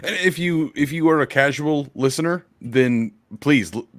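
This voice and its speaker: A man's voice: fairly high pitch, normal speed, no room sound. A man co-hosting a college football podcast, talking casually and urging listeners with profane enthusiasm. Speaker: podcast co-host. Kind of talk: casual sports podcast chat.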